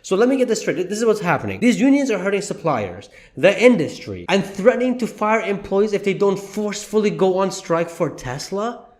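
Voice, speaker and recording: High-voiced, worked-up male commentator. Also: big pitch swings, a little fast, hardly any pauses, a little mellow. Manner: indignant, worked up, exclaiming. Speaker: commentary vlogger. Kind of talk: opinion commentary.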